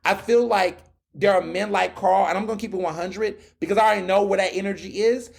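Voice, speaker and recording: A man in his thirties hosting a solo commentary podcast, talking in a sassy, animated way, firing back mocking retorts. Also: sits high, fairly quick, vocal fry, slightly rough. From United States. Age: 30s. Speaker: podcast host.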